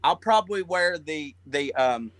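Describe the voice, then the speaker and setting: A man from Georgia with a Southern accent, a guest comedian in a casual chat, rambling and profane as he tells animated stories. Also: on the high side, measured pace, dry recording.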